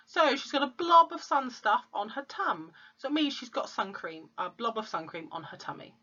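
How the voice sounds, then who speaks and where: A woman teacher, slowly sounding out letters and words in a phonics lesson for young children. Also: on the high side, expressive, bright, forceful tone, lo-fi sound. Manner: slow, clear sounding-out of letters. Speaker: primary school teacher.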